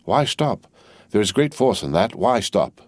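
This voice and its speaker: A man doing a croaking, eager juror. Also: lowish voice, sing-song, unhurried, dry recording, clean studio sound.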